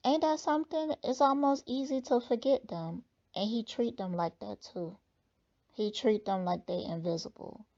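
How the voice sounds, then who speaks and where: A woman reader giving slow, thoughtful, blunt commentary on a clip in a casual way. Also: fairly high pitch, dark tone, lo-fi sound. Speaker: spiritual reader reacting to a clip.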